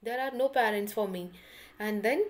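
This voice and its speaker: A woman's voice: fairly high pitch, normal speed. A woman teacher with an Indian accent, giving an online English lesson. She goes through a story line by line, repeating phrases and explaining the meaning of each word.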